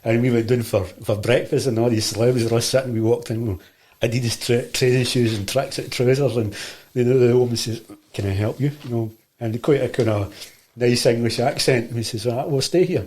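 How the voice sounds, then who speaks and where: A middle-aged man from Glasgow, Scotland, a martial arts teacher on as a guest, spins a long, rambling anecdote in a relaxed interview at a fairly quick clip and ordinary middle pitch. Animated, he keeps circling back with restarts and acts out everyone's dialogue.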